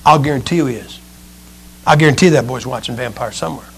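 A man preaching a sermon, emphatic, swinging between loud outbursts and hushed lines. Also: medium pitch, fast talker, husky.

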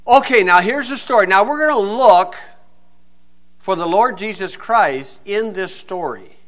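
Man preaching, high voice, bright and forceful, folksy, joking, emphatic sermon.

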